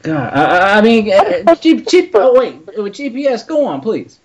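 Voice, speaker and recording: A man's voice: high-pitched, very animated, normal speed, soft background music. A man hosting a casual comedy podcast, laughing often and stammering as he talks. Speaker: podcast host. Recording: dull lo-fi podcast audio.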